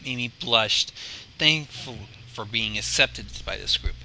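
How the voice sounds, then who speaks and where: A man reading his own fan story aloud on a livestream, animated, with stumbles and restarts. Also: medium pitch, unhurried, vocal fry, a little hiss or hum, low-quality recording. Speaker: fan fiction reader and stream host.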